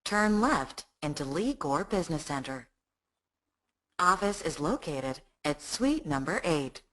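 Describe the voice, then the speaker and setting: A woman voicing a calm female GPS navigation voice, giving slow, precise directions. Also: sits low, exaggerated voice. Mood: measured. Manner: slow, even, precise instructions.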